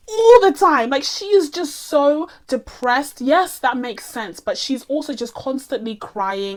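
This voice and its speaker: A young woman giving a casual spoken review of a TV series, animated and quick to laugh. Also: mid-range voice. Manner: animated, laughs often, acts out characters' lines. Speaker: film and TV reviewer.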